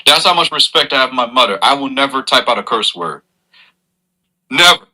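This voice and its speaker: A man's voice: mid-range voice, expressive, quick pace, sharp tone, poor audio. A man delivering an earnest, moralizing advice monologue to his audience as a streamer.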